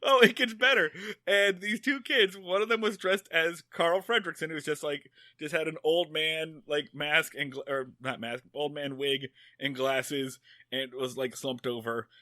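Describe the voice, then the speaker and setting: A man co-hosting a podcast, telling a rambling, animated story in casual chat and swearing freely. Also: fairly high pitch, moderate pace, no room sound, studio quality. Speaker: podcast co-host.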